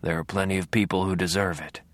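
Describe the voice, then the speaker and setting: A man voicing the ghost of a stern father, speaking in a soft low whisper. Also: slow, no room sound. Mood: hushed.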